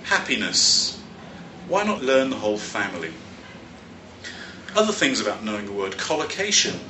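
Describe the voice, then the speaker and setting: A man from London, a teacher explaining vocabulary in a clear, measured lesson, stressing key words. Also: fairly low pitch, sing-song, far from the mic, a little hiss or hum. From London, England. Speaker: English teacher and teacher trainer. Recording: roomy echo, slightly off-mic.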